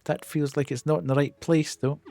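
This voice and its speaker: A man's voice: a little high, level tone, fairly quick, vocal fry, dark tone, soft background music. A man chatting casually as he streams a game, muttering to himself as he plays.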